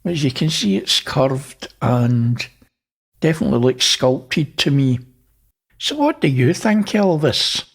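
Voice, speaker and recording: A man's voice: medium pitch, expressive, slow, breathy edge. A man hosting, casually talking through images and pointing things out. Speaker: host. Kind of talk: casual narration over images.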